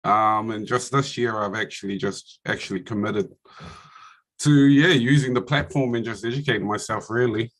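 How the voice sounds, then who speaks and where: A man's voice: on the low side, normal speed, fairly bright tone. Laid-back New Zealand man. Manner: laid-back, laughs often, says "mate". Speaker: guest, prize winner. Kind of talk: casual chat.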